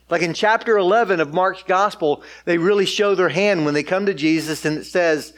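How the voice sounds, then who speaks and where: A high-voiced male pastor delivering a sermon. He reads scripture aloud and then explains it in a loose, conversational way, often saying "like.". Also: normal speed, few pauses. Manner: casual, conversational, frequent "like". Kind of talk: sermon with Bible reading.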